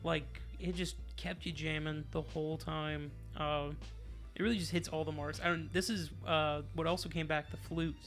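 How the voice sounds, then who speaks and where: A man's voice: on the high side, little pitch movement, moderate pace, fairly bright tone, soft background music. A man in casual podcast chat, upbeat and loose, cursing now and then. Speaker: podcast co-host. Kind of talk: casual album review chat.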